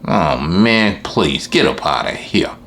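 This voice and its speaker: Low-voiced man ranting about customers. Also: takes it slowly. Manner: animated, complaining, acts out customers in high voices. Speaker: lawn care business owner. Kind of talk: casual vlog rant.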